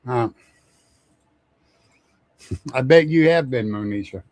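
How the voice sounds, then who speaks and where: A man's voice: medium pitch, lively intonation, takes it slowly, darkish tone, no room sound. A man hosting a casual live stream, rambling, chuckling often and greeting viewers by name. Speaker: livestream host.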